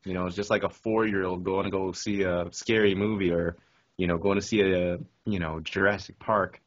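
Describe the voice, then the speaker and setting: A man's voice: sits low, normal speed. A man from the United States, co-hosting a podcast in casual chat and telling stories full of swearing. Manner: profane, animated storytelling. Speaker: podcast co-host. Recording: dull lo-fi sound.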